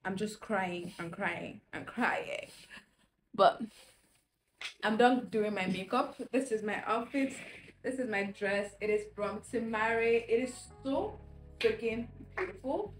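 A woman's voice: mid-range voice, takes it slowly. Young woman, casual vlog, candid, rambling, home camera mic, faint music behind. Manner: candid, rambling, talks straight to viewers. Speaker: vlogger. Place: indoors at home.

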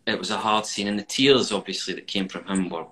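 Lively man telling anecdotes. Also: fairly low pitch, a little fast. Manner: animated, self-deprecating storyteller. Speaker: actor guest. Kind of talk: casual chat. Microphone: video call.

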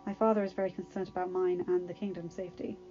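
Woman doing a lovestruck young prince, earnest, sheepish, mellow voice, dull lo-fi sound. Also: on the low side, level tone, quick pace, lightly acted. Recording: dull lo-fi recording, faint music.

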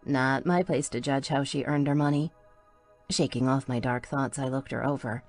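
A woman's voice: rumbling low, fairly even intonation, moderate pace, a little mellow, faint music behind. A woman reading a first-person audiobook in an intimate storytelling manner. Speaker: audiobook narrator.

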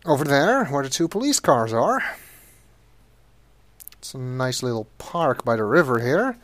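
A man commentating an old cop adventure game as he plays, tossing in dry, wry asides. His voice is mid-pitched, on a close desk mic. The sound is dry. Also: big pitch swings, a little slow, no room sound. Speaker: let's play narrator. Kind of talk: game commentary and reading game text.

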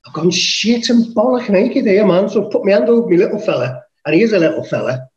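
A high-voiced man from England tells a wild story as a podcast guest. He swears freely and puts on the voices of the people in it. The sound is dull and echoey, as if from a room far off the mic. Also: expressive, quick pace, darkish tone. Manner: swears casually, acts out his own quotes. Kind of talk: animated storytelling.

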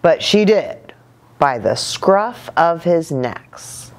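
A woman pastor reading a picture book aloud to children, an animated and playful storyteller. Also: fairly low pitch, slow pace.

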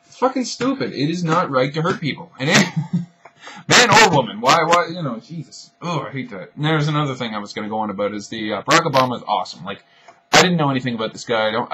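A man's voice: on the low side, fairly bright tone, a little hiss or hum. A young man ranting to the camera in a rambling, profane, sarcastic way. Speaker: video blogger.

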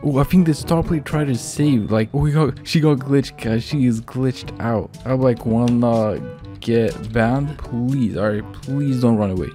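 Man, gaming commentary, warm mellow tone, excitable, profane, quiet music underneath. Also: mid-range voice. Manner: excitable, swears a lot, laughs often. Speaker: gaming YouTuber. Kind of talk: gameplay commentary.

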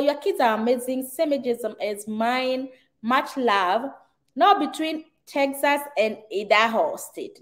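A middle-aged woman from Kenya with a Kenyan accent, hosting a casual live stream and reading out viewer comments, chatty, laughing often and slipping into Swahili phrases. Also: fairly high pitch.

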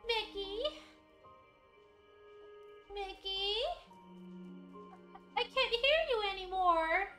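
A tiny, gentle female cartoon mouse, voiced by a woman speaks slowly and wistfully in a very high, bright voice. She sounds lost and longing. The recording is echoey, with faint game music underneath. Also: full character voice. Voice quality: soft, tiny high-pitched voice. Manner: slow, wistful and tender. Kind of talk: reading game dialogue aloud in character.

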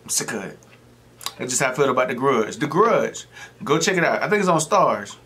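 A middle-aged man talks casually into the camera while he eats, drifting from one joking story to the next. His voice sits at an ordinary pitch, neither high nor low, and he keeps an easygoing, rambling flow. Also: big pitch swings, a little fast, fairly bright tone. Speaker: mukbang host. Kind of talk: casual chat while eating.

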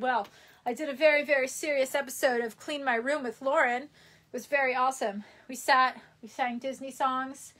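High-voiced chatty New York woman. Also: steady tone, moderate pace, pushed and bright. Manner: rambling and chatty, with many fillers and laughs. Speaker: livestreamer. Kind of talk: casual livestream chat reading comments.

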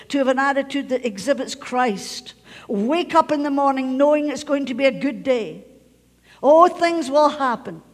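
Scottish woman pastor preaching in a reverberant church. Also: high voice. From Scotland. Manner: emphatic, repeats key phrases, drops to a near whisper at times. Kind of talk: sermon. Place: church sanctuary.

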